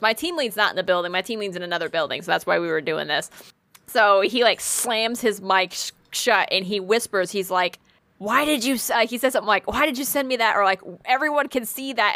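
A young woman telling a work story in casual chat, animated and swearing freely, acting out what she said. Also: mid-range voice, no room sound.

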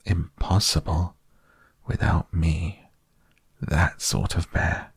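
A man voicing a humble, simple-minded male toy bear in a soft, slow storybook reading. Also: deep voice, vocal fry, breathy edge, no room sound, clean studio sound, heavily acted. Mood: wistful.

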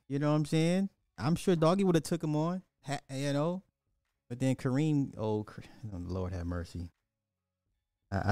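A man's voice: medium pitch, warm tone, no room sound, clean studio sound. A middle-aged man hosting a livestream, ranting bluntly and with profanity in casual commentary, repeating his points for emphasis. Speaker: livestream host.

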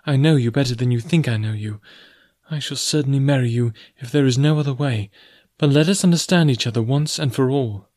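A man reading the part of a proud, dignified young woman who speaks in a formal, measured and cool way. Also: mid-range voice, a little mellow, no room sound, studio quality, voice pushed up, natural voice. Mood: cold.

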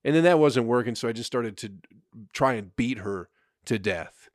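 A man's voice: medium pitch, animated, normal speed, no echo, studio quality, close to an everyday voice. A man playing a sheepish rambling attacker. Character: male attacker making lame apologetic excuses.

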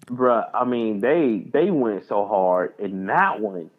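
A man co-hosting a podcast in casual chat, animated and excitable, acting out his reactions. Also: on the low side, takes it slowly. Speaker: podcast co-host. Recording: tinny phone-like line.

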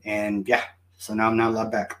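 A man telling stories in a casual chat, animated and self-mocking. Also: fairly low pitch, brisk. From United States. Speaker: guest.

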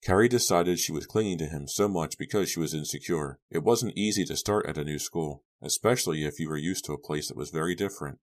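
Very deep-voiced male audiobook narrator.

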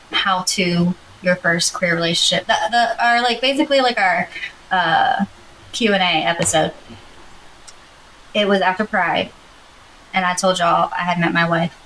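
A young woman co-hosting a podcast in casual chat, a lively storyteller who jumps up in pitch when excited. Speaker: podcast co-host. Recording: slightly distant mic, faint noise.

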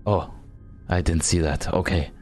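A man speaking in character during a tabletop game, curt and urgent with his companions. His voice sits low, and soft music runs behind him. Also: fairly even intonation, a little slow. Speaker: player. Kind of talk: in-character tabletop role-play.

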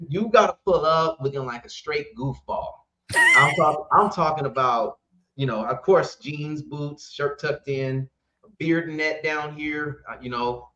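Animated man telling trucking stories. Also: a little high. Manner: animated storyteller, acts out dialogue, laughs often. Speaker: trucking company owner, guest. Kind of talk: casual storytelling interview. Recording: roomy, slightly dull sound.

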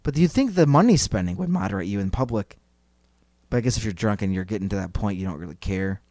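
A man's voice: lowish voice, expressive, quick pace, mellow, no echo. A man hosting a podcast, telling a story in a casual, rambling, playful way full of "like" fillers. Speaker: podcast host. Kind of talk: casual chat.

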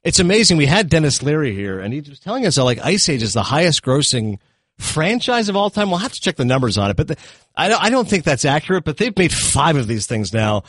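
A middle-aged man giving casual, animated film reviews on a talk show, full of quick asides and self-corrections. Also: a little high, no room sound.

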